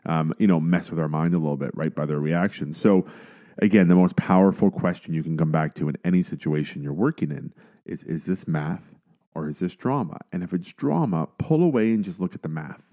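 Man, podcast co-host, deep voice, emphatic, casual coaching chat, muffled recording. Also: fairly quick. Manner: emphatic, mimics complainers in a high voice.

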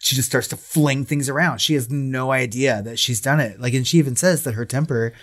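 A man's voice: medium pitch, a little fast, fairly bright tone. Casual swearing man co-host. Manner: casual, swears freely, laughs easily. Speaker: podcast co-host. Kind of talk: casual chat.

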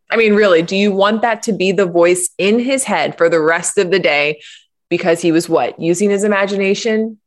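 A woman guest in a conversation, telling stories and explaining ideas with animated enthusiasm. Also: mid-range voice, normal speed. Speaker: guest, parenting coach. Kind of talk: conversational interview.

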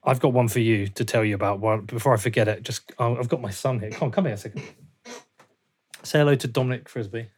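A man's voice: medium pitch, fast talker, breathy edge. A man hosting a remote interview, talking in an emphatic, indignant way. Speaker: interview host. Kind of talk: conversational interview. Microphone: video call.

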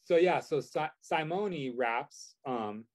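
A man's voice: a little high, lively intonation, takes it slowly, darkish tone. A man telling a story in casual chat, rambling with many fillers and restarts. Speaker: guest.

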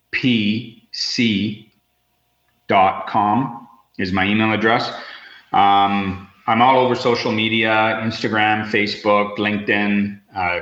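A man's voice: lowish voice, fairly bright tone, echoey room, muffled recording. A man speaking as a podcast guest in casual interview talk, rambling with lots of fillers and restarts. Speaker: podcast guest, real estate investor.

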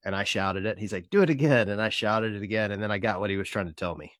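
A man co-hosting a podcast who tells animated, self-deprecating stories in casual conversation. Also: on the low side, fast talker, dry recording, clean studio sound. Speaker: podcast co-host.

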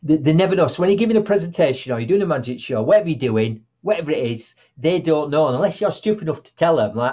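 Man, guest speaker; husky, lively delivery that acts out quotes; muffled lo-fi audio. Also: fairly high pitch, fast, hardly any pauses. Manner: animated storyteller, acts out quotes. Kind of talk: conversational podcast interview.

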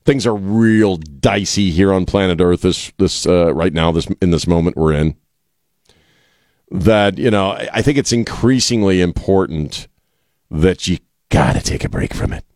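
A man's voice: deep voice, a little slow, a little mellow, no echo, studio quality. A man hosting a talk radio show, rambling casually with many restarts and an irreverent streak. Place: radio studio. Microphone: studio mic.

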